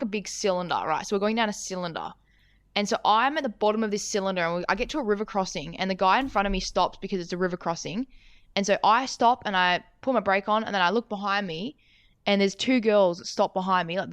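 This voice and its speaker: A woman's voice: mid-range voice, smooth, dry recording. A young woman co-hosting a podcast, telling a story in a rambling, casual way, swearing often and saying "like" constantly. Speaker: podcast co-host.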